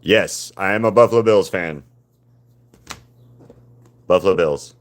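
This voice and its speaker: A man live-streaming his painting, chatting casually with viewers and greeting them by name in a relaxed, rambling way. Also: low voice, a little slow.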